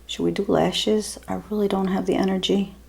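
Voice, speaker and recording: A woman's voice: medium pitch, little pitch movement, moderate pace, vocal fry, a little mellow. A woman in her fifties from the US East Coast, chatting bluntly while she does her makeup at home, with the odd swear word. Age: 50s. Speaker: beauty vlogger. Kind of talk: casual makeup tutorial chat.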